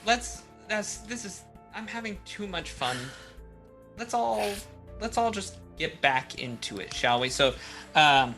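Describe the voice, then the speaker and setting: Bright-voiced game master man. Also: sits high, lively intonation, measured pace, faint music behind. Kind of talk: running a live tabletop game.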